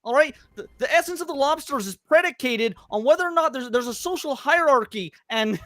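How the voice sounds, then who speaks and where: A man putting on a stern lecturer who insists and scolds, with his voice pushed up high. It is a dry, close recording with little room sound. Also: animated, a little fast, fairly bright tone, no room sound. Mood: lecturing. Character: impression of a stern male lecturer. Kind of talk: casual chat.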